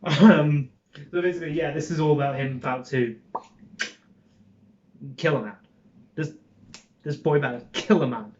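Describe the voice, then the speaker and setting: A man's voice: a little high, moderate pace, pauses often, darkish tone, highs cut off, a little hiss or hum. A young Scottish man with a Scottish accent, chatting casually to camera in a rambling, informal way, with lots of ums and swearing. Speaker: vlogger.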